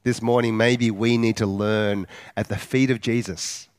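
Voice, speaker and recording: A man preaching a sermon in an earnest, measured way, asking his listeners questions and slowing down to stress key words. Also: lowish voice, steady tone, no room sound, clean studio sound. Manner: slows down for emphasis.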